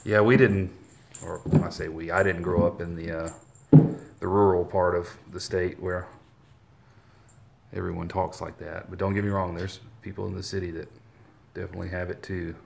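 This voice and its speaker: Low, gravelly man with a mild Southern accent, casual home chat, faint background noise. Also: normal speed, pauses often. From Alabama. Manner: relaxed, chatty, talks to the cats. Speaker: kitten foster carer.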